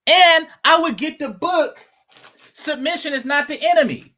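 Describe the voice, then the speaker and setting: A man's voice: extremely high pitch, normal speed, sharp tone. A man giving blunt, mocking reaction commentary.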